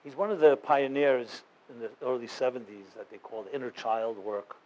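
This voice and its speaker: A man's voice: medium pitch, moderate pace, a little mellow, lo-fi sound. Earnest man telling a story to an audience. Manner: earnest, conversational, full of fillers and restarts. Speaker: rabbi and guest speaker. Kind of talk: storytelling talk to a live audience.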